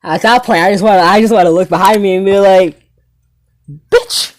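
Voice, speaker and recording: A teen comedy channel host tells a rambling story, animated and casually swearing. The voice is mid-range and the pace quick.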